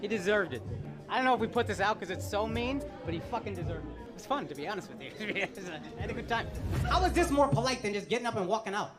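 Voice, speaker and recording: Brief: high-voiced male stand-up, animated, profane crowd work, live club recording with loud crowd. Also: fast talker, music in the background. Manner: profane, ranting, mocking. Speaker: stand-up comedian. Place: comedy club stage.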